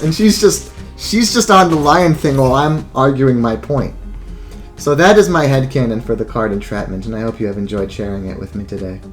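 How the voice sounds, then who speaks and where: A man's voice: mid-range voice, lively intonation, a little fast, faint music behind. A man giving casual let's play commentary, thinking aloud and swearing freely as he plans his moves. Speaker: gameplay commentator.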